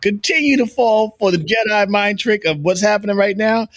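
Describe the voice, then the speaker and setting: A man's voice: sits high, moderate pace, fairly bright tone. A man co-hosting a casual podcast, ranting with profanity and laughter. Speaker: co-host.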